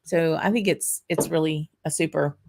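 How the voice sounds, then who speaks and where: A woman's voice: low-pitched, steady tone, normal speed, creaky, darkish tone, a little hiss or hum. A woman with a South Louisiana accent hosting a whisky show, chatting with many fillers and laughs, then reading a poem with theatrical flair. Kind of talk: casual chat and dramatic poem reading.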